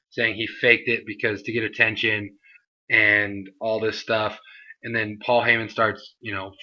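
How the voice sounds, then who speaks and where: A man's voice: on the low side, sharp tone, highs cut off. A young man reviewing a wrestling show in a casual vlog, rambling with many fillers and mocking put-on voices for the people he quotes.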